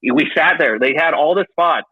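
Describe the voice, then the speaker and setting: Animated man on a dull call line. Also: normal speed. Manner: animated, acts out quotes with pitch jumps and frequent restarts. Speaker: podcast guest, professional paintball player. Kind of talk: casual storytelling chat. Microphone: remote call line.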